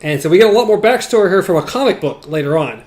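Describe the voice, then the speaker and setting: A man co-hosting a book podcast in casual chat, relaxed, sometimes reading passages aloud. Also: high-pitched, quick pace. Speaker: podcast co-host.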